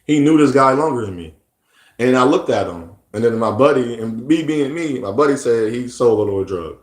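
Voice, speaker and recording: A man's voice: mid-range voice, animated, normal speed, reverberant. A man talking casually in a rambling, repetitive way, often restarting his sentences. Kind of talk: casual monologue.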